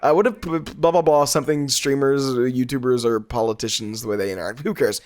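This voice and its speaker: A man's voice: mid-range voice, quick pace. A man with a cold and a stuffy, nasal voice, giving rambling gameplay commentary and getting sidetracked. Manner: rambling, easily sidetracked, laughs often, voice jumps up in excitement. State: congested from a cold. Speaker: gaming YouTuber.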